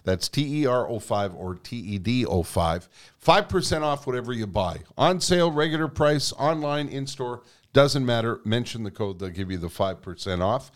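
A man's voice: medium pitch, expressive, normal speed. A man co-hosting a podcast, chatting loosely with fillers and reading an ad. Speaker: podcast co-host. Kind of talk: casual chat and live ad read.

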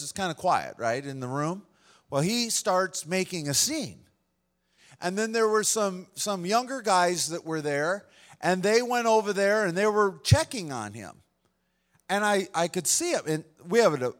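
A male pastor preaching a sermon to a room full of people, telling a story in an earnest, conversational way. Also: sits high. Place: room with a congregation.

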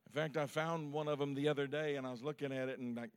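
A man preaching a sermon as pastor, swinging between loud, shouted peaks and quiet, low asides. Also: steady tone, fast talker, smooth.

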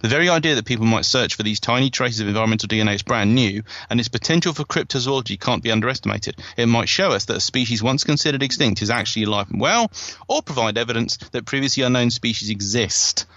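A man's voice: mid-range voice, expressive, quick pace, hardly any pauses, bright, forceful tone, no echo, lo-fi sound. A man hosting a podcast in casual chat, digressive and self-mocking, often laughing at himself. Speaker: podcast host and author.

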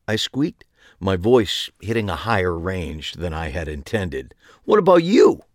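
A man's voice: low voice, no room sound, studio quality. A man narrating a first-person audiobook in a wry, conversational way.

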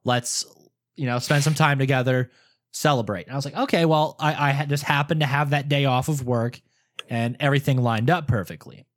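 A man's voice: medium pitch, steady tone, fairly quick. A young adult man telling a story in casual podcast chat, swearing often and laughing through it.

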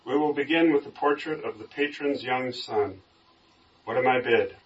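A calm, formal auctioneer calls for bids in measured tones, as a man reading aloud puts him on. His voice is lifted above the reader's usual pitch and sounds distant and muffled. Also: slight background noise, close to an everyday voice. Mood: calling bids. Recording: distant dull room recording.

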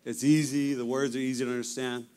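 Gruff middle-aged man preaching. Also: mid-range voice, level tone, quick pace, darkish tone. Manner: gruff, storytelling with humor. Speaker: lay preacher giving testimony. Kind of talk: sermon testimony. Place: church.

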